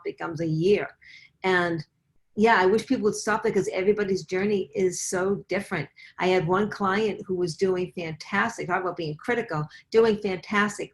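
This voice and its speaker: Earnest woman health coach. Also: medium pitch. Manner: earnest, lively, acts out quoted voices. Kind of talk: interview guest, conversational.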